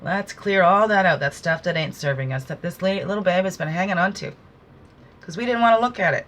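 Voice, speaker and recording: A woman's voice: on the low side, fast, a bit bright. Earnest woman giving spiritual guidance. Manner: earnest, conversational, preachy asides. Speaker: spiritual card reader. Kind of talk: casual spiritual guidance talk.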